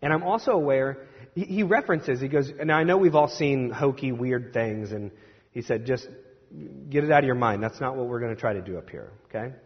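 A Presbyterian minister telling a story in a sermon, animated and acting out what others said, with hesitant restarts. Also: male voice, mid-range voice, fairly quick, husky. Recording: distant reverberant hall, dull lo-fi sound.

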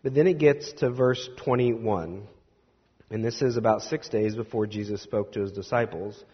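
A man preaching a conversational sermon, animated and acting out the voices of the people he quotes. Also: fairly low pitch, moderate pace, slightly rough. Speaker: pastor. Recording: dull roomy recording with long reverb.

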